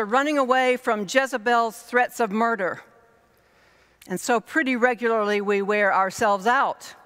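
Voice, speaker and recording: A woman pastor delivering a reflective sermon in a measured way, building her points through lists and repetition. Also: on the high side, fairly bright tone. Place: church. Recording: long reverb of a church hall.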